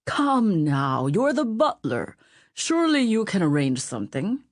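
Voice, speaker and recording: A woman's voice: on the low side, very animated, a little slow, no room sound, clean studio sound. A woman voicing a plump, whining middle-aged man who complains constantly.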